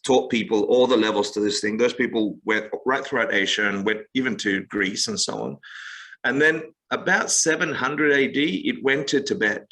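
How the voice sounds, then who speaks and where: A man with a bright, forward voice talks through spiritual ideas in a lively conversational way. He tells stories, acts out quick quotes and leans on game comparisons to make his point. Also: mid-range voice, creaky, poor audio. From United States. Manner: expressive storyteller, acts out quotes, gaming analogies. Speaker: meditation teacher guest. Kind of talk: animated podcast conversation.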